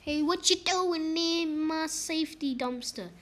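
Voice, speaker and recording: A woman putting on a gruff dumpster-diving man. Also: sits high, unhurried, pitched above the performer's own voice. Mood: grumpy. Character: gruff scruffy male dumpster diver, territorial. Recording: game music playing loudly underneath. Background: game music.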